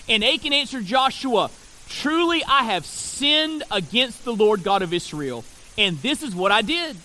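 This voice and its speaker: High, bright-voiced man preaching a sermon. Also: big pitch swings. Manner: reads scripture aloud, stresses key words with pauses. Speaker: pastor.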